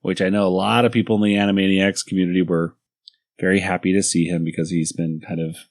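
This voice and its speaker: A man's voice: sits low, little pitch movement, quick pace, dry recording, clean studio sound. A man hosting a podcast in an easygoing way, leading the segment and cracking jokes. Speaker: podcast host. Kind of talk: casual podcast chat.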